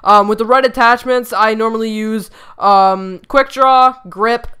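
Bright, smooth-voiced rambling gaming YouTuber. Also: medium pitch, fairly even intonation, a little slow. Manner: rambling, filler-heavy, repeats "really", stumbles over words. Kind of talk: casual gameplay commentary. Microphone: desktop USB microphone.

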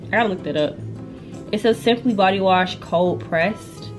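Chatting at home into a camera or phone mic, a young woman from the United States keeps her vlog slangy and casual, frequently interrupting herself mid-thought. She has a mid-range voice at a moderate pace, with music in the background.

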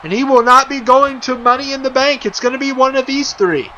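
Excitable high-voiced man calling game wrestling. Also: brisk, highs cut off, slight background noise. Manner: excitable, chuckling, many fillers and restarts. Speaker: video game commentator. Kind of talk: playful wrestling commentary over gameplay.

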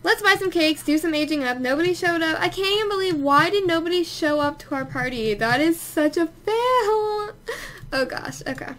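A woman's voice: sits high, brisk, few pauses, a bit bright, slight background noise. A young woman chatting casually while playing a life-sim game, exclaiming and scolding the characters. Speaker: let's play host. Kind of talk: casual gameplay commentary.

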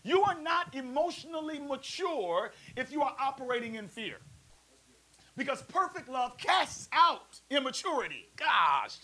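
A man preaching a sermon as pastor, lively and playful, calling on the congregation to answer back. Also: extremely high pitch, unhurried, low-quality recording. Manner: preachy, call-and-response, playful asides. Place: church service also streamed to a prayer line.

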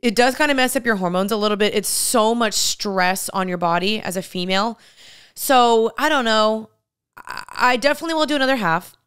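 A young woman co-hosting a casual podcast, giving earnest, heartfelt advice in a rapid flow of talk. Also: a little high, fairly bright tone, clean tone, dry recording, clean studio sound. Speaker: podcast co-host. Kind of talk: casual chat.

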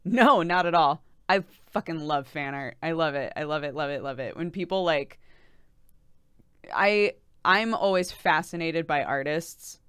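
A woman's voice: low-pitched, fairly bright tone, clear, resonant tone, no room sound, clean studio sound. A young woman streaming a game, chatting casually with her viewers, reading their messages aloud and laughing often.

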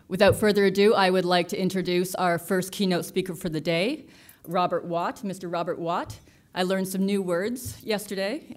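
Friendly woman introducing a speaker. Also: mid-range voice. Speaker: conference moderator.

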